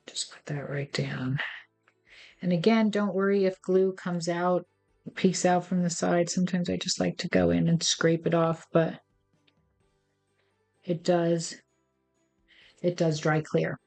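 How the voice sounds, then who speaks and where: A woman's voice: lowish voice, level tone, unhurried, vocal fry, pauses often, warm tone, soft background music. Chatty woman demonstrating a card craft. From United States. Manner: chatty and playful, talks to viewers, chuckles at herself. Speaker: craft tutorial host. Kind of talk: casual step-by-step craft demonstration.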